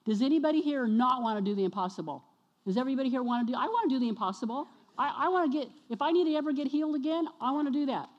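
A woman preaching a sermon to her congregation, energetic and exhorting, often questioning the listeners. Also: sits high, very fast, dull audio. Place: church sanctuary. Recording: long reverb of a church hall.

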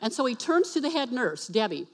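Woman telling her testimony from a church stage. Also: fairly high pitch. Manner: animated storytelling that acts out dialogue; spells words out slowly for emphasis. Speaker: church speaker and worship leader. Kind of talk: personal testimony from the platform.

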